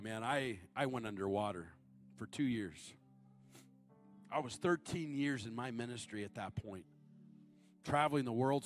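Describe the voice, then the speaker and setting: 30s guy preaching, jumps from shouty high calls to quiet low storytelling, faint music under it. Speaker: guest preacher. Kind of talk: sermon.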